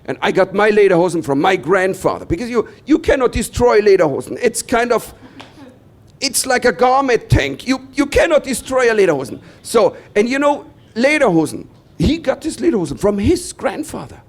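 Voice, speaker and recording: A German man from Bavaria with a German accent, doing stand-up comedy as an animated storyteller who acts out other people's lines. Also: high voice, moderate pace.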